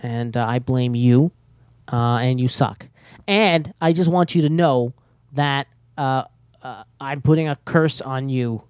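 A man's voice: medium pitch, measured pace, darkish tone, smooth, no echo, clean studio sound. A man hosting a podcast alone, rambling nervously with many fillers and jokes at his own expense. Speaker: podcast host. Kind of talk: casual solo podcast chat.

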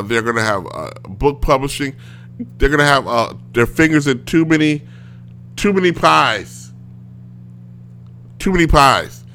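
A man's voice: mid-range voice, fairly bright tone, slight background noise. A man hosting a casual solo show from home, ranting in a rambling way with many fillers and restarts. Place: home with a smart speaker.

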